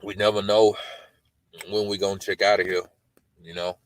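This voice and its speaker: A man's voice: lowish voice, level tone, moderate pace, rough recording. A man hosting a podcast, reading scripture aloud and breaking off into loose, colloquial commentary, often adding "man" and "you know" as he talks. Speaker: podcast host.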